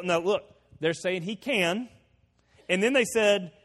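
A man preaching a sermon as pastor, animated and joking, swinging between loud emphasis and quiet asides. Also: sits high, unhurried. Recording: long reverb of a large hall.

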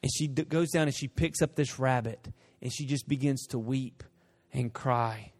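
A man preaching a sermon, dropping to a hush and then rising to loud emphasis, acting out short dialogues in different voices. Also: mid-range voice, moderate pace. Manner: swings from hushed to loud, emphatic. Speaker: pastor.

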